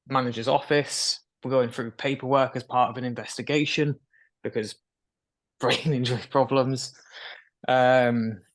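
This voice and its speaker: A young man, a guest in an interview, telling his story frankly with occasional nervous laughs. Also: mid-range voice. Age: young adult. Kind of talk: candid conversational interview.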